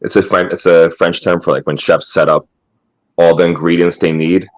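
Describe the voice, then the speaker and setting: Deep-voiced sarcastic male co-host. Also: little pitch movement, moderate pace, crowd noise, poor audio. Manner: rambling, self-mocking, sarcastic. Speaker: podcast co-host. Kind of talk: casual podcast chat.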